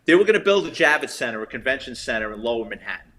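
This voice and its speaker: Middle-aged New York man, retired detective; lively raconteur with a bright, forceful tone. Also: medium pitch, very fast, a little hiss or hum. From the Bronx, New York. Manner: animated, lively storyteller acting out quotes. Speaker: retired police detective, guest. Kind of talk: casual storytelling interview.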